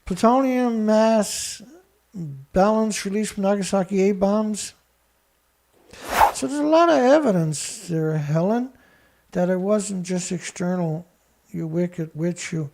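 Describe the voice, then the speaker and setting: A man hosting a show, reading research text aloud haltingly and breaking in with scornful remarks to an absent critic. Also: sits high, darkish tone, a little hiss or hum. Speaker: show host. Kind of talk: reading documents aloud with commentary.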